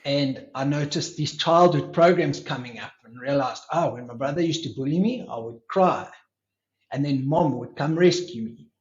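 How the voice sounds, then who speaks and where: A man telling a story as a podcast guest, lively, acting out his own inner dialogue. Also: mid-range voice, normal speed. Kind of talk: storytelling in conversation. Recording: roomy, slightly dull recording.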